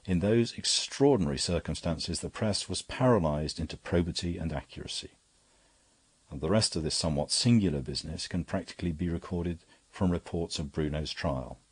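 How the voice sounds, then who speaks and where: A man narrating a classic detective novel as an audiobook, in a steady, even storytelling delivery. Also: sits low, brisk, husky, no room sound.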